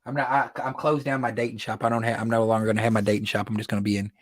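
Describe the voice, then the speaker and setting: A man's voice: fairly low pitch, little pitch movement, racing, no echo. A man hosting his own weekly livestream from his studio, chatting casually, joking and laughing often. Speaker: livestream host. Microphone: phone or computer livestream.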